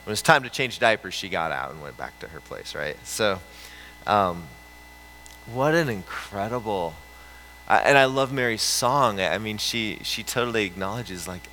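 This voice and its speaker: A middle-aged man from the central United States, a pastor giving a conversational sermon in an animated, storytelling way with frequent restarts. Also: lowish voice, normal speed, slight background noise, low-quality recording.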